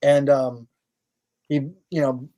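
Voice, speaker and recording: An American man, a guest on a podcast, telling an anecdote in a casual, animated way with lots of fillers and restarts. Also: medium pitch, slow pace. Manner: animated anecdote-telling, acts out others' lines; loose, filler-heavy talk with restarts. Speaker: guest, magazine editor.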